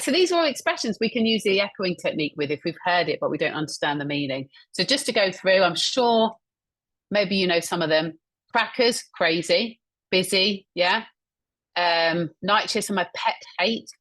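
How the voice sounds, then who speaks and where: A woman with a fairly low, husky voice teaches over a video call. She speaks in an encouraging tone and works through examples, often repeating phrases back to her listeners. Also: lively intonation, moderate pace, a bit bright. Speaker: webinar presenter and communication trainer. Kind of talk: instructional webinar talk.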